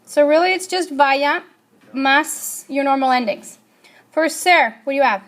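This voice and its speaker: A woman's voice: high voice, a little slow, a bit bright. A woman teaching a Spanish grammar lesson, asking her class questions and answering them herself.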